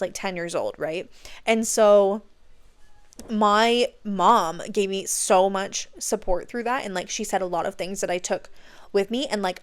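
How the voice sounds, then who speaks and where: A young adult woman hosting a podcast, telling stories in a gushing, excitable way with casual swearing. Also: medium pitch. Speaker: podcast host. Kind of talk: casual chat.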